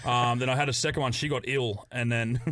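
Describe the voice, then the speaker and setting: A man's voice: medium pitch, fairly even intonation, brisk, a bit bright, no room sound. Laughing storyteller man with a New Zealand accent. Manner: storytelling, swearing, laughing often. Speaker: podcast guest. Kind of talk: casual podcast chat.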